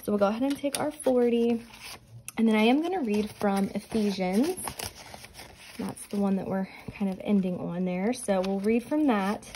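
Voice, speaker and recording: The audio is poor with slight background noise as this budgeting channel host, a young woman who is pregnant and a little breathless, talks at normal speed and medium pitch. She chats earnestly and reads scripture in a soft, prayerful way.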